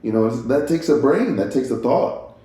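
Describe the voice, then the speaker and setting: A man's voice: medium pitch, lively intonation, moderate pace, warm tone. A man hosting a solo podcast, musing casually and rambling, stopping and restarting and laughing at himself. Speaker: podcast host. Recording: echoey room.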